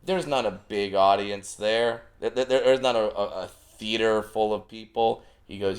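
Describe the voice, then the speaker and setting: A male comedian guest on a casual podcast, telling family stories with lively, animated delivery. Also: lowish voice, normal speed, few pauses. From Southern California. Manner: animated storyteller, acting out family anecdotes.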